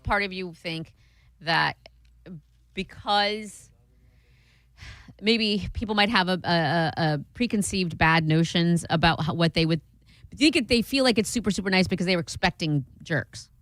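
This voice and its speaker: A woman's voice: on the low side, animated, a bit bright, no room sound, studio quality. A female radio co-host in casual chat, reacting and asking questions. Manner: chatty, reacts with quick laughs and questions. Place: radio studio. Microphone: studio mic.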